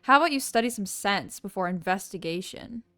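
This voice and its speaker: A woman's voice: mid-range voice, lively intonation, a little fast, pushed and bright. A woman reading lines as a snippy, defensive teenage schoolgirl in a game, scolding sharply.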